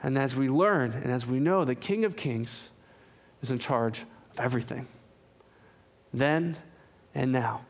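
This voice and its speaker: A man preaching a sermon, swinging from loud emphatic lines to hushed, drawn-out phrases. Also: medium pitch.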